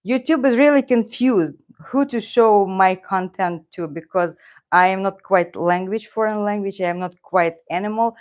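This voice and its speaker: A middle-aged woman with a Russian accent and a medium-pitched voice chats casually on a live stream, rambling and talking to both her cat and her viewers. The sound is lo-fi, captured by a loose clip-on mic.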